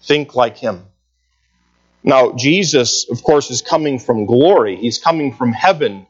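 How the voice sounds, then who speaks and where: A man's voice: a little high, muffled recording. A man preaching a sermon, earnest and emphatic, reading scripture aloud and repeating key phrases for weight.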